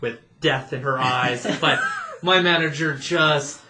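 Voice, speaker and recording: A man's voice: fairly high pitch, takes it slowly, noisy background. A man telling sarcastic stories about his old job in a casual chat with friends. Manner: animated storyteller, sarcastic quoted asides. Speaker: podcast co-host, former theme park cast member.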